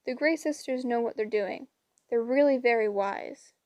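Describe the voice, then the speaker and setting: A woman's voice: on the high side, moderate pace, a little mellow, dry recording, natural voice. A woman voicing a clever, bossy teenage girl who speaks in an urgent, commanding way in an audiobook.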